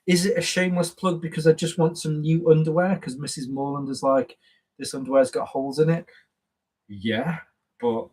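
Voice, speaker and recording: A man's voice: medium pitch, a little mellow, poor audio. A man hosting a casual live stream, rambling and chatty with plenty of fillers and self-corrections. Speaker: YouTube channel host on a live stream.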